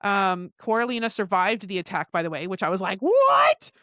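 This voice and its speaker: Woman, book podcast host, reading passages aloud, stumbles and corrects herself, loud high reactions, dry close sound, middle pitch. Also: fast talker, dry recording. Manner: reads long quotes with stumbles and self-corrections.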